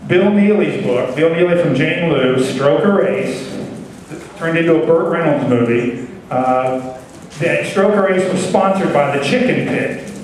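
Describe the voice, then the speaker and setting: A man's voice: a little high, measured pace. A man emceeing a live show, chatty and rambling, with lots of fillers. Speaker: emcee of a writers' conference show. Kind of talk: casual stage emceeing. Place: large conference hall. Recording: echoey hall from far off.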